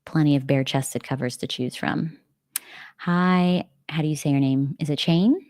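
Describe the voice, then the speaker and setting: A woman's voice: low-pitched, moderate pace, darkish tone, no echo, clean studio sound. A young American woman hosting a casual livestream, chatty and bubbly, filling her talk with "like" and little laughs. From United States. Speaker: livestream host. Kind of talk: casual live-stream chat.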